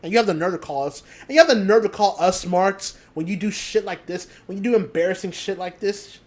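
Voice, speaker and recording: A man's voice: high-pitched, a little fast. Man, podcast host, live show, profane, heated, ranting, blunt emphatic declarations. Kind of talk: live podcast rant and chat Q&A.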